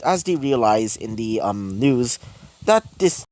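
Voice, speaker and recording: A man spins a fan-fiction tale off the cuff, halting often and circling back with fillers and restarts. He talks slowly and deliberately, at a middle pitch. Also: sing-song, darkish tone, no echo. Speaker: storyteller. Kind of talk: improvised fan-fiction narration.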